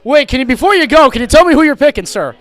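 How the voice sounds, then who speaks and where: A man's voice: very high-pitched, lively intonation, rapid-fire. A man hosting a live fantasy football draft, teasing the participants with playful banter on a wired mic. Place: large indoor hall with crowd. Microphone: wired handheld mic. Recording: echoey hall with loud crowd.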